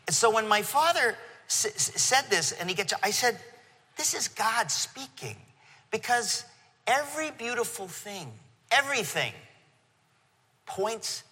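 Man preaching, middle-aged, bright forceful voice, long hall reverb, animated storytelling. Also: high-pitched. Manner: animated storytelling, emotional, addresses congregation. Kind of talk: sermon. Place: church venue.

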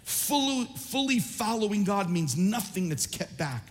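A man with a high voice preaches a sermon, impassioned and rising to shouts, reading scripture and quizzing his listeners. His voice rings out with a long reverb, as if heard in a large hall. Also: very animated, unhurried, slight background noise. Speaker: pastor.

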